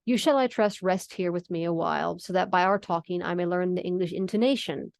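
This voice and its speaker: A woman's voice: lowish voice, fairly quick, gravelly, no room sound. Dracula, read aloud by a woman. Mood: commanding. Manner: stately, archaic read-aloud phrasing. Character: formal aristocratic old male vampire count.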